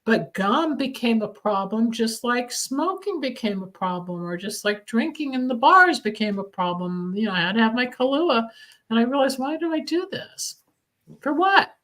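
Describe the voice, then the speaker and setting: With poor audio, a woman's slightly high, bit-bright voice is heard at normal speed and animated. Hosting a radio talk show in Los Angeles, she rambles candidly through a relaxed discussion of recovery, now and then coughing.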